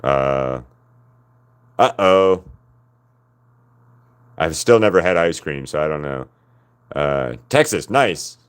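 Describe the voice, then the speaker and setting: An American artist streams while drawing, chatting casually with his audience, rambling from thought to thought and laughing often. His voice is extremely low, expressive, clear, and resonant, and he speaks slowly with frequent pauses.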